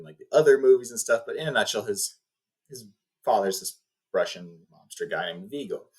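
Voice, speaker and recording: A man hosting a video, casually retelling a movie plot in a rambling, filler-heavy way. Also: sits low. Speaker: video host.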